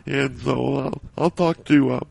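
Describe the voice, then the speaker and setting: A man doing a gravelly, earnest ex-lineman. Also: medium pitch, a little slow, no room sound, full character voice. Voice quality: odd put-on voice, gravelly. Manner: earnest, deadpan, backs up his partner. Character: earnest ex-football lineman, gets emotional easily. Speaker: co-host of a kids' special teams camp. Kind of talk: improvised comedy sketch.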